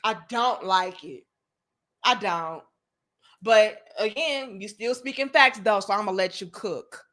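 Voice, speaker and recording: A woman's voice: mid-range voice, slow pace, a bit bright. A woman in her thirties hosting a live commentary stream, talking bluntly and with emphasis and swearing freely as she tells personal stories to her chat. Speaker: commentary channel host.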